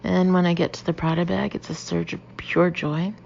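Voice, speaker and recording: Gravelly-voiced woman narrating an audiobook. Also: lowish voice, flat delivery, normal speed, darkish tone. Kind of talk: first-person audiobook narration. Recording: dull lo-fi audio, faint hiss.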